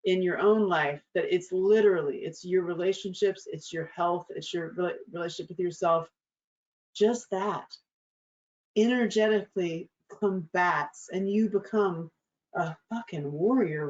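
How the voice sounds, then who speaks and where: A woman's voice: fairly low pitch, a little slow, a little mellow. A middle-aged woman hosts her own show and tells a story in a loose, candid monologue. She swears freely, laughs often and acts out what people said. The recording sounds a bit dull and lo-fi. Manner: frank and profane, laughing often, acting out quotes. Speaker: show host.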